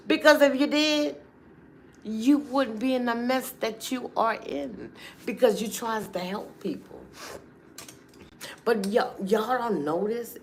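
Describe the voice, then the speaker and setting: A woman, hosting a casual livestream and talking straight to her viewers in a chatty, animated way. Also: a little high, slight background noise. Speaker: livestream host.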